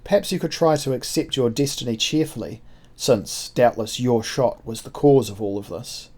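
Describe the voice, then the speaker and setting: A man reading a novel aloud, voicing a sardonic, amiable tall gentleman traveller with dry, mocking courtesy. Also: mid-range voice, normal speed, husky, natural voice. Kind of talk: audiobook character voice.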